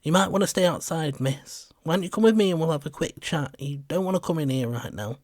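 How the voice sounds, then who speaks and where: A calm, firm policewoman , voiced by a man, with a lifted, even tone. She reassures without hurry. Close, dry sound. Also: fairly high pitch, fairly quick, dry recording, lightly acted. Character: calm, steady female police officer.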